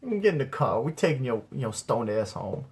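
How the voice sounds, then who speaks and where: A man's voice: medium pitch, very animated, brisk, a little hiss or hum. A guy doing his drawling stoned buddy. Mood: laid-back. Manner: drawling, street slang. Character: laid-back stoned male friend.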